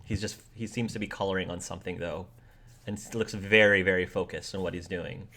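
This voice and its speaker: A man running a tabletop game with a lowish voice, narrating what characters do in a loose, conversational way. He often restarts his sentences as he describes the scene. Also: fairly even intonation, fairly quick, sharp tone. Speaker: game master.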